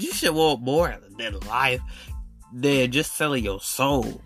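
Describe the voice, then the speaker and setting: A man's voice: medium pitch, animated, unhurried, a bit bright, soft background music. A man hosting a podcast, telling a story in a casual monologue with incredulous, preachy asides to his listeners. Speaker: podcast host.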